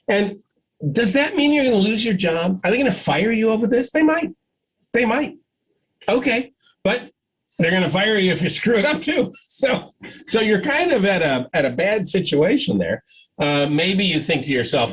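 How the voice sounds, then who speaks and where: Speaking over a video call with poor audio, a man gives a conference talk in a husky, slightly high voice at a moderate pace. He's an animated storyteller who acts out dialogue and laughs often.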